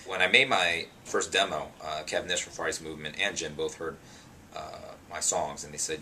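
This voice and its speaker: A young man with a low, deep voice and a bright, forceful edge, speaking in a casual interview. He tells his story in an animated, chatty way, full of ums and you-knows. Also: normal speed, a little hiss or hum. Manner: animated, chatty, many fillers like um and you know. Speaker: pastor and singer interviewed.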